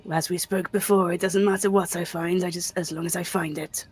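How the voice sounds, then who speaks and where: A man's voice: high-pitched, level tone, a little fast, breathy edge. A man playing a tabletop game, bantering playfully in character. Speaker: player. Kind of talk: tabletop role-play.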